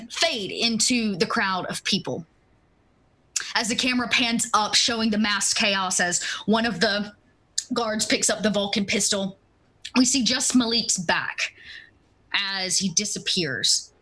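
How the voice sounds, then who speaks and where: A woman game master narrates a tabletop game in a relaxed, easygoing way, often pausing on small fillers. Her voice is bright and clear, and her pitch sits in the middle range for a woman.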